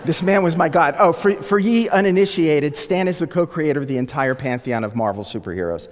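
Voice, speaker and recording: Animated male storyteller in a reverberant hall. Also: a little high, brisk, a little hiss or hum. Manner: animated, acts out the people he quotes. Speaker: speaker telling his life story. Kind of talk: storytelling talk.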